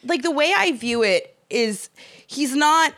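An animated woman co-hosting a podcast in relaxed chat, often breaking into laughter. Her voice sits a little high and sounds dry and close, with no room echo. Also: slow pace. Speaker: podcast co-host. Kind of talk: casual chat.

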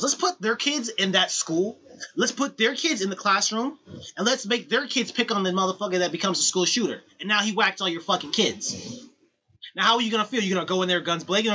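Male podcast co-host, husky and lively, swinging pitch, profane rant energy. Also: fast. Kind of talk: heated casual chat. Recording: dull lo-fi recording.

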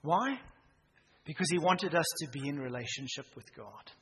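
A man preaching a sermon in church, swinging from loud emphasis down to a hushed near-whisper. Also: a little high, lively intonation, normal speed. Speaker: pastor. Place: church hall. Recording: reverberant church hall, faint noise.

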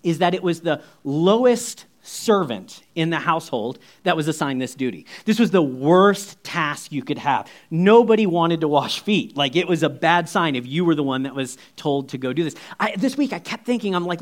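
Pastor guy, high voice that jumps all over, chatty sermon full of "like". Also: brisk. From United States. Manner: conversational, lots of "like" and asides, animated storytelling.

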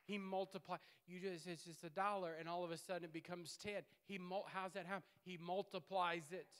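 A man preaching with a high, bright voice. He is animated and playful, building to loud bursts and dropping to hushed asides. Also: fairly quick. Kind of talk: sermon.

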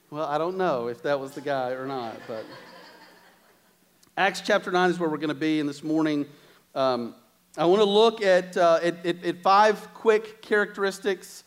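High-voiced man preaching a story-filled sermon. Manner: animated storytelling with quoted asides. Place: church.

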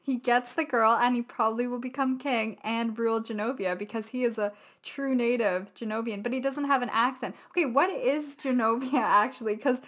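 A woman's voice: on the high side, steady tone, brisk, few pauses, a bit bright. A young woman in casual chat, giggly and rambling with lots of fillers.

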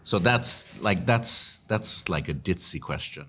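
A man with a very deep voice hosts the show, answering listener questions. He talks in an earnest, explanatory way, with casual restarts as he works through his points. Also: expressive, unhurried, few pauses, bright, forceful tone, husky. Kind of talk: casual commentary.

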